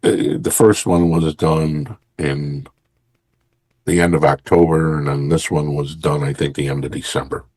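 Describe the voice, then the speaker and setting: Brief: deep-voiced male author, halting delivery, dry recording. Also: flat delivery, darkish tone, husky, no echo. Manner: halting, with many fillers. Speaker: author guest. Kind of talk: interview conversation.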